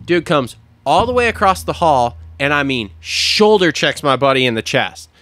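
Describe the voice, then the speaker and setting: A man co-hosting a casual podcast and spinning a long story. His voice sits fairly high and swings widely as he acts out quotes. He swears freely, and the sound is dry and close. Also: very animated, moderate pace, a bit bright, no echo. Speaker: podcast co-host.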